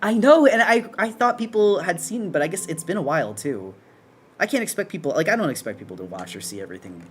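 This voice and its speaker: A man's voice: fairly high pitch, big pitch swings, fast, slight background noise. A man streaming while he draws, chatting casually in a rambling, self-correcting way. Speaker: streamer and artist. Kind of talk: casual live-stream chat while drawing.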